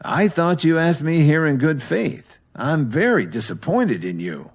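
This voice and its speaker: An arrogant, menacing fighter full of disdain, voiced by a man in an audio drama. He sneers and threatens in a husky voice that rises above the narration and swings widely in pitch. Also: big pitch swings, unhurried, full character voice. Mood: offended.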